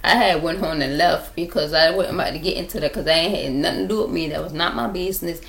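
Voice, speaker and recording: A young woman with a gravelly, fry-edged voice on the low side spins a rambling storytime for her viewers. She circles back over the same points and speaks to them directly, recorded on a laptop at home. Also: fast, a bit bright. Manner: rambling, repeats herself, talks straight to viewers. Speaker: vlogger telling stories. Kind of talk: casual storytime chat.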